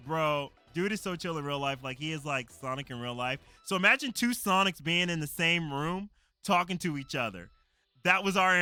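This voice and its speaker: Guy streamer yapping excitedly, kinda high voice, super bright, tons of fillers, faint music behind. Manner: excited, rambling, lots of fillers. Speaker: live streamer. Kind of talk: casual live-stream chat.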